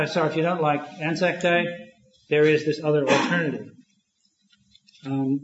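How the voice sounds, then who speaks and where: A man giving an academic lecture, thoughtful and halting, with many restarts and fillers. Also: a little high, fairly bright tone. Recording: echoey, dull lo-fi room recording.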